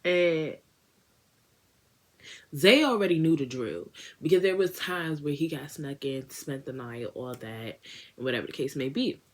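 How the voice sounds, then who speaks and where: Young woman, beauty vlogger, casual storytime, slangy, lowish voice, acts out friends. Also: measured pace. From Washington, D.C.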